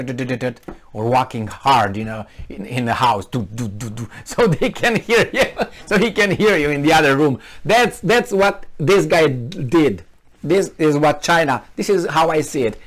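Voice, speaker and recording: A man with a Romanian accent giving a casual commentary monologue, acting out little scenes with sound effects and quoted voices. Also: on the high side. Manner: animated storytelling with sound effects and acted-out quotes. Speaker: commentary vlogger.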